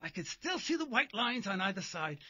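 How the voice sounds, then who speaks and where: A man's voice: sits high, sing-song, moderate pace, pushed and bright, slightly rough, highs cut off. A man hosting a talk radio show, delivering a sarcastic, mocking monologue from his car while driving. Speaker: radio host.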